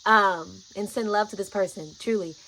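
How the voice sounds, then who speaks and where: A woman vlogger telling a personal story, chatty and animated, often saying "like" and "y'all". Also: mid-range voice, moderate pace, slight background noise, rough recording.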